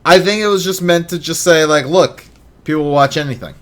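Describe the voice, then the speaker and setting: Man, 30s, podcast host, casual jokey chat, animated delivery. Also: a little high, a little fast. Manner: animated, jokey, swings loud and soft.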